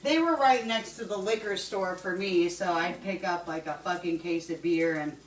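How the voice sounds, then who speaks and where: A woman's voice: on the low side, moderate pace, a little hiss or hum. A woman hosting a casual cooking show in her home kitchen, rambling, swearing and laughing as she cooks. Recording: roomy room, mic at a distance.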